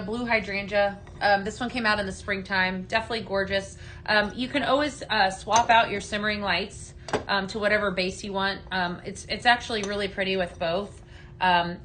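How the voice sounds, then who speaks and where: A woman with a bright, clear voice hosts a relaxed live sales stream. She chats her way through products and viewer questions, stopping and restarting her sentences as she goes. A faint hiss of noise sits under her voice. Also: mid-range voice. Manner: chatty and halting, with many fillers and restarts. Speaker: company staff host of a live sales stream. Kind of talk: casual live product demo, answering viewer comments.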